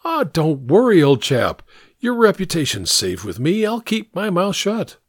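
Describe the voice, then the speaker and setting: A man reading aloud and voicing a genial, easygoing gentleman who talks in a light, breezy way. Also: high voice, big pitch swings, unhurried, dry recording, studio quality, voice pushed up, exaggerated voice. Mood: reassuring.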